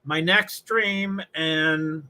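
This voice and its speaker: A man's voice: on the high side, fairly even intonation, drawn-out words, pushed and bright, poor audio. A man from New England chatting casually on a livestream, rambling and laughing as he follows a race. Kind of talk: casual live commentary while watching a race.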